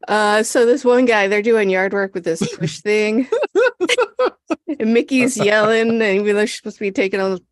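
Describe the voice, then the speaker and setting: A woman co-hosting a podcast in casual chat, animated and quick to laugh as she recaps scenes. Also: medium pitch, no echo, clean studio sound. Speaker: podcast co-host.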